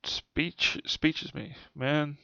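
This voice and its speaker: A man's voice: fairly high pitch, fairly even intonation, drawn-out words, creaky, bright, forceful tone, clear, resonant tone, dry recording. A young man with a New Zealand accent telling childhood stories in a rambling, sweary way. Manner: rambling, swears often, trails off. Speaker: vlogger. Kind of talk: casual storytelling to camera. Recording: dull, dry lo-fi sound.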